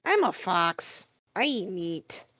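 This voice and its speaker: A woman playing a tabletop game, talking in a wry, expressive way and swearing casually. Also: fairly low pitch, takes it slowly, no echo.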